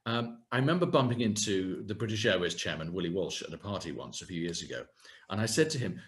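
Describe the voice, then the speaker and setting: A man giving a webinar talk as a communication coach, speaking gently and warmly, often restarting his sentences. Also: sits low, fast. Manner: gentle and lively, with frequent restarts. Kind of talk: webinar talk on video calls. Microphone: video call.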